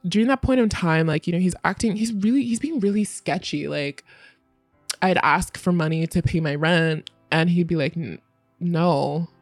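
Frank young woman with a low voice. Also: moderate pace, no echo, faint music behind. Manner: casual, frank, heavy use of "like" and swearing. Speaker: interview guest telling her story. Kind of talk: candid personal storytelling.

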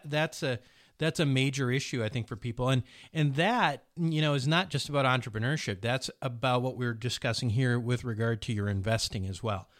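A man's voice: mid-range voice, fairly bright tone. A man hosting an interview, speaking thoughtfully and hedging with fillers as he makes a point. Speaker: podcast host. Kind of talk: conversational interview.

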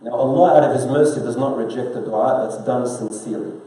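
A man's voice: mid-range voice, a little fast, dark tone. A man preaching a sermon in a conversational way, asking the congregation questions and explaining Arabic scripture in English. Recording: very echoey room.

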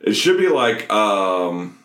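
Low-voiced man rambling about a film. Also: very animated, slow pace, fairly bright tone, echoey room. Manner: rambling, profane, many fillers. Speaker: podcast co-host. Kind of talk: casual film discussion.

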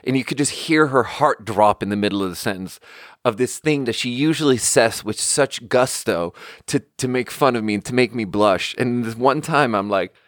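A man's voice: mid-range voice, moderate pace, fairly bright tone, no room sound, clean studio sound. A young man hosting a podcast, telling a story in a casual, rambling way and saying "like" a lot. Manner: rambling, conversational, heavy use of "like". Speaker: podcast host.

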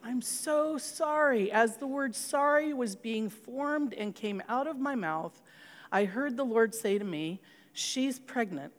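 A woman's voice: on the high side, lively intonation, unhurried, long reverb tail. A middle-aged woman pastor giving an earnest sermon, telling a personal story and leading into prayer.

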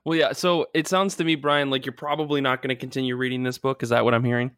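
A man's voice: mid-range voice, level tone, fast talker, a bit bright, no room sound. Wry man with a dry close sound. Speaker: podcast co-host. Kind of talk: casual chat.

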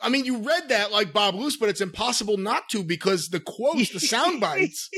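Lively high-voiced man asking questions. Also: moderate pace, slightly rough. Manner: curious questioner, laughs along. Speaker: podcast host. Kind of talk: casual chat.

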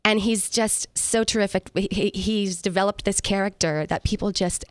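A chatty middle-aged woman singer tells her story in a relaxed interview and often laughs at herself. Her pitch is average for a woman. The recording is dry and close. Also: normal speed, no room sound. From San Diego, USA. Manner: chatty, laughing, self-mocking. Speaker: singer, guest. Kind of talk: casual interview chat.

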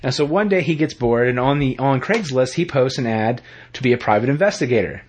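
A man co-hosting a casual podcast, rambling through an animated retelling of a TV episode and acting out the characters' lines. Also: medium pitch, a little fast, a little hiss or hum. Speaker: podcast co-host.

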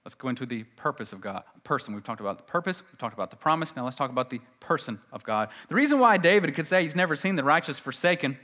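Bright-voiced man preaching with shifting intensity. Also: lively intonation, quick pace, few pauses. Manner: dynamic preaching, drops to soft intense lows and rises to urgent pleading. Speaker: pastor. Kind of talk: sermon.

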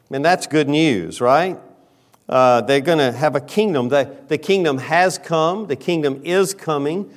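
A man delivers a sermon at an unhurried, measured pace, pausing often between phrases. His voice sits slightly higher than most men's. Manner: slow, deliberate preaching with frequent pauses; quiet, lowered voice in prayer. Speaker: pastor.

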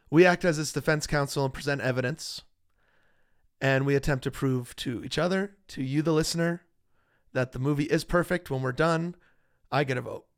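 Guy with a gravelly voice, chill podcast host chatting casually, lots of ums and likes. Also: medium pitch, no echo, studio quality. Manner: relaxed, chatty, trails off into fillers. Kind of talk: casual chat.

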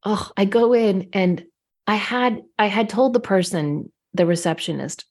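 A woman co-hosting a casual talk show, telling stories in an indignant, animated way. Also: mid-range voice, unhurried. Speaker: podcast co-host. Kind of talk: casual chat.

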